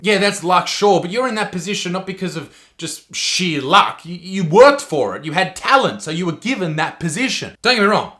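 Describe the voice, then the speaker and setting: A man's voice: sits high, very animated, moderate pace, hardly any pauses, pushed and bright. A man, a comedian giving profane, sarcastic ranting commentary.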